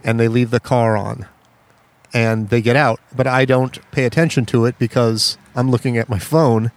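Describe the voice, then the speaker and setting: A man hosting a casual podcast, telling stories in an animated way and acting out the people in them. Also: medium pitch, normal speed. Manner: animated storyteller, acts out quoted people. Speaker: podcast host. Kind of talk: casual storytelling chat.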